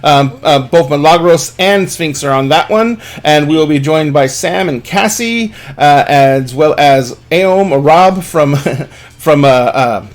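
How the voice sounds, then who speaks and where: A man's voice: on the high side, expressive, takes it slowly. Upbeat man hosting a stream sign-off. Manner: upbeat, rambling with fillers. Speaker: stream host.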